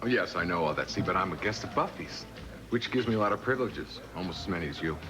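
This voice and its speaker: A man's voice: low voice, expressive, quick pace, over music. An actor playing a smug, flirtatious man in a soap opera.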